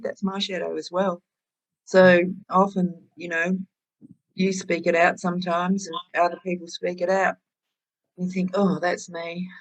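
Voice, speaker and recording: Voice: medium pitch, rough recording. Group chat participant, candid, thoughtful, reflective.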